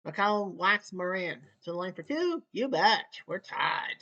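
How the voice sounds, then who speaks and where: A woman's voice: fairly low pitch, lo-fi sound. Clipped play-by-play woman from Canada. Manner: clipped, rapid calls, wry asides, rising excitement near the end. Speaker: play-by-play commentator. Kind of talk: casual solo play-by-play of a basketball video game.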